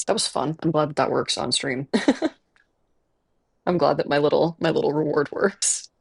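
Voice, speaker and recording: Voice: mid-range voice, fairly even intonation, normal speed, gravelly, breathy edge. A game streamer with a Chicago accent, chatting casually and rambling with lots of fillers while playing. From Midwest United States. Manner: rambling and chatty, with many fillers and self-aware laughs. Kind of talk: casual live-stream chat while gaming. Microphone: earbuds with a desk mic setup.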